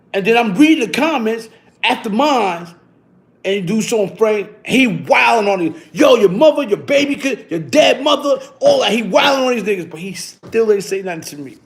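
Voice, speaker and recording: A middle-aged man with a slightly high-pitched voice hosts a casual livestream. He talks in a loose, slangy way and tells rambling stories. He keeps breaking into long rounds of shout-outs. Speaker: livestream host.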